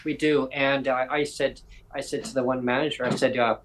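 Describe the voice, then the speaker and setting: Animated man telling a story. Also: mid-range voice, fairly quick, poor audio. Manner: animated, acts out other people's lines in quoted voices. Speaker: podcast host. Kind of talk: casual storytelling chat.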